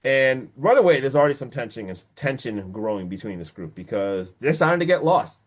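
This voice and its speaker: A man talking solo on a podcast at a middle pitch, retelling a film in a loose, animated way. He swears casually and keeps building suspense before every turn. The tone stays relaxed and chatty. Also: a little fast. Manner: animated storytelling, casual swearing, repeats "guess what". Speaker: podcast host reviewing a horror film.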